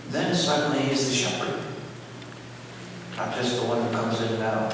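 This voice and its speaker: A male pastor delivers a sermon in a conversational way, swelling to loud emphasis when he reads scripture. He sounds far from the microphone in a reverberant church sanctuary, with clear background noise. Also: mid-range voice, normal speed, pauses often. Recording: echoey church from far off, noisy.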